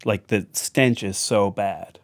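A man with a lowish voice tells a family anecdote slowly, in a chatty, wry manner peppered with side remarks. The recording has no echo.

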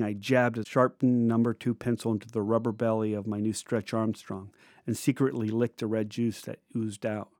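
A man in his fifties reads his own memoir aloud. His delivery is reflective and measured, lingering on descriptive details. His pitch is mid-range for a man, and the recording is dry and close with no room sound. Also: a little mellow, no room sound. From United States. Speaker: memoir narrator. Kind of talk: reading a personal memoir aloud.

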